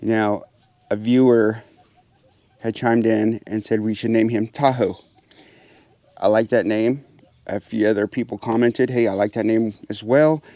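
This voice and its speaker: A mellow, lowish voice with a steady tone, this man speaks unhurriedly with long pauses in a dry recording. He's a pheasant farmer hosting a casual vlog among outdoor aviary pens, talking to viewers during chores and calling to his birds in a raised, coaxing way.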